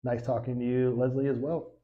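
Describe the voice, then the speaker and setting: A man's voice: medium pitch, flat delivery, brisk, phone-quality sound. A man from the United States hosting a casual livestream, chatting with viewers in a rambling way, full of fillers and restarts. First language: English. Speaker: livestream host.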